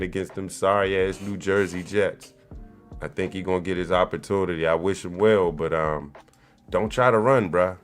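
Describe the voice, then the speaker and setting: A man's voice: deep voice, clear, resonant tone. A man in his forties hosting a show, giving loose, profane commentary in street slang. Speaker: show host. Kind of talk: casual commentary.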